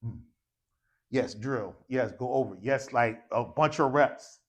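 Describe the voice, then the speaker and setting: A man's voice: medium pitch, slow. A man teaching an Arabic grammar class in a mosque, leading his students through drills and slipping into slangy asides. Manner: animated, calls for repetition, slangy asides.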